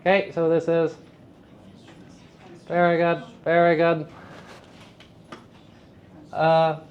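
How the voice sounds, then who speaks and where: Slow-talking man teaching a drama workshop. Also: on the high side, completely flat delivery, clean tone, dull audio. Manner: chatty, self-deprecating, asks the students questions. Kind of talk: live classroom lecture. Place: school room with students.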